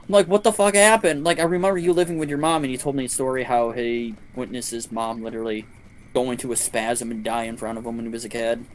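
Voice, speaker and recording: A man with a mid-range voice speaks quickly over slight background noise as he plays a game on stream. He spins a long, profane, animated story in casual chat, quoting the characters in their own voices.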